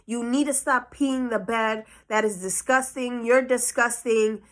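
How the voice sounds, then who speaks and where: A woman's voice: medium pitch, takes it slowly, a bit bright. A woman voicing her harsh, angry mother scolding a child in a contemptuous tone.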